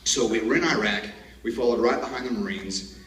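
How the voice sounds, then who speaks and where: A man's voice: medium pitch, brisk, fairly bright tone. A man gives a graduation speech, telling army stories in a joking, folksy way. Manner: folksy storyteller, jokes and laughs at his own stories. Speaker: graduation speaker. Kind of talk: commencement speech. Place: large hall. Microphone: far camera. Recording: echoey hall, distant camera.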